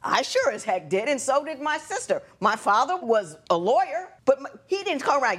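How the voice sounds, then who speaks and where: A woman's voice: fairly high pitch, sing-song, normal speed, few pauses, a bit bright, husky. Stern lecturing woman judge. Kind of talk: courtroom TV show judging.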